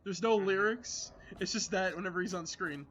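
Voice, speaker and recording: A man streaming a game, chatting casually with friends and rambling excitedly with many restarts. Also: high-pitched, normal speed, highs cut off. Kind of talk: casual gaming chat.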